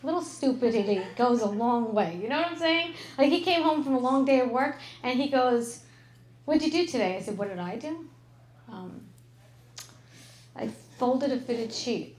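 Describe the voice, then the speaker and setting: A middle-aged woman on a comedy club stage, delivering a brash, crude stand-up set with deadpan timing. Her voice sits a little high and rings out through the roomy club sound of a handheld stage mic. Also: moderate pace.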